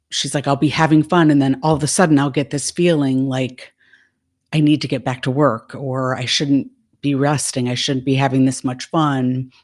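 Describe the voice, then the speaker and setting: A woman's voice: extremely low pitch, darkish tone. A woman life coach in a casual monologue, retelling a session and quoting the dialogue back and forth.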